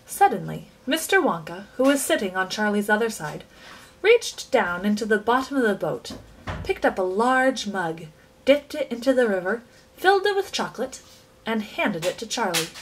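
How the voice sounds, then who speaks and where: A woman reading a children's book aloud with expressive, animated storytelling. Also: medium pitch, moderate pace, slight background noise, rough recording. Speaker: reader.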